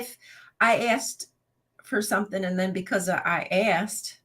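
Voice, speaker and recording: A woman's voice: mid-range voice, measured pace, fairly bright tone, slightly rough. A woman hosting a live stream, reading a children's Bible storybook aloud and breaking off into sassy, profane asides to her chat. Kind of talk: casual reading with rant commentary to live chat.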